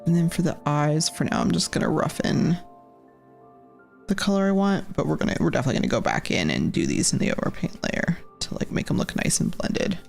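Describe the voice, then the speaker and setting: A woman's voice: sits low, huge pitch swings, brisk, creaky, a little mellow, faint music behind. A woman chatting casually on a live stream as she paints, thinking aloud and rambling with lots of filler words. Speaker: artist and cast member drawing on a live stream.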